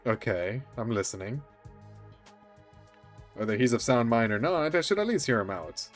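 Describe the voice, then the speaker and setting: A male streamer reads a visual novel aloud at a moderate pace, voicing every character and breaking in with animated asides and laughter. His pitch swings widely as he jumps between roles and his own reactions, with faint game music underneath.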